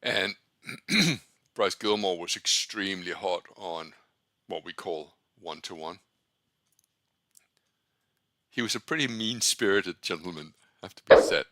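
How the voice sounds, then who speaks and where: A man's voice: sits low, a little slow, long pauses, bright, forceful tone, dry recording. A man trading on his own channel, talking casually through charts in a rambling, blunt way and correcting himself as he goes. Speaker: trader keeping a trading journal. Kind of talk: casual talk while screen-sharing charts.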